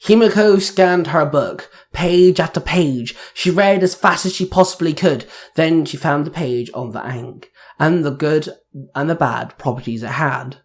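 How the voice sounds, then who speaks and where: A man's voice: fairly high pitch, unhurried. A man narrating an amateur action story, reading fight scenes steadily.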